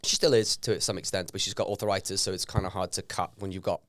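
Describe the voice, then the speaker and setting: A man's voice: deep voice, fast, no room sound. A young adult man from Norway, whose first language is Norwegian, speaking as a guest actor in a casual podcast interview and acting out quotes as he tells stories. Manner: animated storyteller, acts out quotes.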